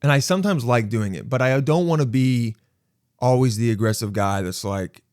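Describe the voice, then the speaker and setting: A man hosting his own podcast, telling a story in a casual monologue and acting out quoted lines with sudden jumps in pitch. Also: moderate pace, smooth, dry recording, clean studio sound. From Los Angeles. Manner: animated, acts out quotes with sudden high jumps. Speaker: podcast host.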